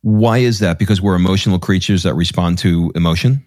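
A man's voice: sits low, fairly quick, darkish tone, no echo, clean studio sound. A man hosting a podcast interview, asking curious follow-up questions in a conversational way. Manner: curious, asks follow-up questions with brief affirmations. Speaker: podcast host.

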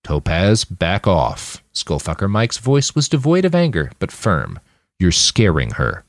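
A man reading the part of a big male warrior who speaks low, level and steady in a spoken fiction story. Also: moderate pace, no echo. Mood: firm. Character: genial big male warrior, firm and calm.

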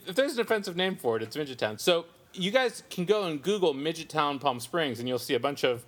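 Guy in his 40s cohosting a podcast, rambly and self-amused, mid-pitch voice. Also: fairly bright tone. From Southern California desert. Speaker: podcast co-host. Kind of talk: casual chat.

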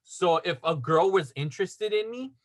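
This man's voice sits high and sounds expressive, moving at a normal speed. He's a podcast storyteller chatting casually, wandering through his tale with many fillers and voicing the dialogue.

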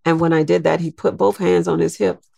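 A woman in her sixties, a guest in an interview, telling a personal story in a reflective, unhurried way. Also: on the low side, steady tone, gravelly, no room sound, clean studio sound. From Louisiana, United States. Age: 60s. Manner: reflective, unhurried, with soft laughs and restarts.

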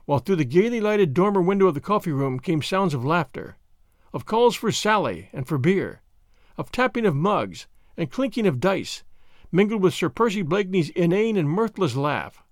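A man narrating a classic novel as an audiobook, with an expressive storytelling cadence. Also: high voice, moderate pace, no room sound, clean studio sound. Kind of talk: scripted narration.

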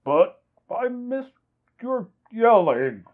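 A slow, dopey beast henchman. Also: medium pitch, very animated, narrow, tinny audio. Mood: pleading. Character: slow, dim, lonely beast-man henchman. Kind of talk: comedy audio play.

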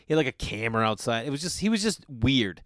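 Man, casual comic storytelling, swears a lot, acts out other people's lines, average pitch, dry close sound. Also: very animated, quick pace, fairly bright tone, no room sound.

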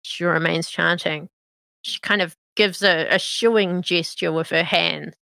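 A woman narrating a tabletop role-playing game as game master, in a slow, measured way. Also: on the low side, steady tone, vocal fry, sharp tone, dry recording.

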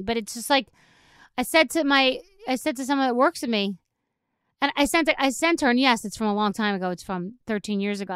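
A woman's voice: on the high side, a bit bright, clear, resonant tone, dry recording, studio quality. A middle-aged woman hosting a podcast, ranting sarcastically and exasperatedly, with plenty of swearing. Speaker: podcast host. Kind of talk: solo comedic rant.

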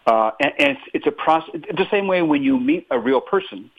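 A man speaks as a guest author on a radio show. His thinking-aloud delivery is animated and full of small self-corrections. He comes through a narrow, tinny phone line. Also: on the high side, a little fast, creaky, breathy edge. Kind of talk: radio interview.

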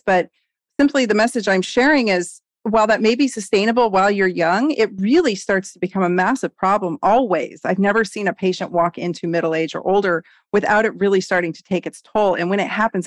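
A woman in her forties, a doctor guest on a podcast interview, talking in an animated, emphatic way. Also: mid-range voice, a little fast, dry recording, studio quality. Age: 40s.

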